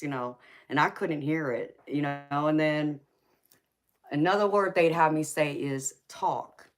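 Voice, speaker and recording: Her voice sits low and moves at a normal speed as she hosts a late-night live stream, chatting casually and laughing often. She has a heavy Southern Georgia accent but is described as being from California.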